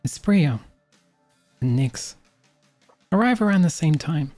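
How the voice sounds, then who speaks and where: A game master narrating a tabletop vampire game in a descriptive, measured way. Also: medium pitch, expressive, darkish tone, no room sound, faint music behind.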